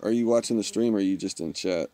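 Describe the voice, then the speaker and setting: A man's voice: fairly low pitch, quick pace, mellow, dry recording. A man, chatting casually with viewers while streaming a mobile game. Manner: laid-back, chatty, self-teasing. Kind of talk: casual live-stream chat.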